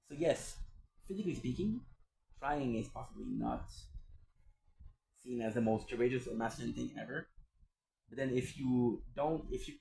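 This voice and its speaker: A man's voice: mid-range voice, normal speed, vocal fry, pauses often, dark tone, low-quality recording. A man streaming and chatting casually, rambling and repeating himself with plenty of swearing. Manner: swears freely, rambling and repetitive.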